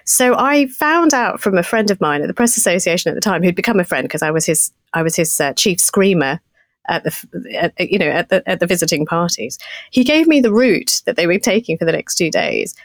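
A middle-aged woman hosting a podcast, telling a story in an animated, self-mocking way and laughing often. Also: on the low side, brisk, dry recording. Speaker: podcast co-host. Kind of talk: casual storytelling chat.

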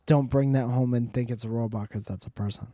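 A man's voice: medium pitch, fairly even intonation, fairly quick, dark tone, no echo, clean studio sound. A man doing a rambling, profane comedic monologue with joking asides.

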